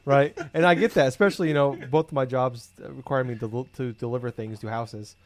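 A man's voice: medium pitch, brisk. Rambling, profane man in casual chat. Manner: rambling, profane, animated storytelling.

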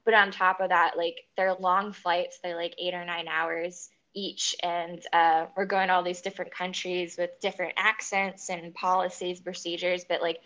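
A woman's voice: fairly low pitch, a bit bright. A young woman, a pilot, chatting casually as a podcast guest, laughing often and using lots of fillers. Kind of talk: casual interview chat. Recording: slightly dull lo-fi sound.

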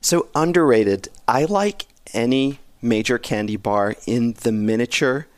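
A man's voice: medium pitch, a little slow, no room sound. Wry, opinionated man on a podcast. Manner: wry, opinionated, laughs while talking. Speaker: podcast guest analyst. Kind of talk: casual podcast chat.

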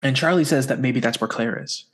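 A man's voice: mid-range voice, brisk. A man co-hosting a podcast, recapping a TV episode in casual chat with sarcastic asides. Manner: wry, sarcastic asides while summarizing.

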